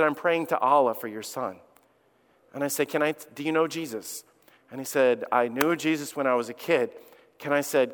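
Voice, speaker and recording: A middle-aged man, a pastor, preaching a sermon and telling a personal story in an earnest way that rises to loud, emphatic peaks. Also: fairly high pitch, smooth. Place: church sanctuary. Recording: long reverb of a large hall.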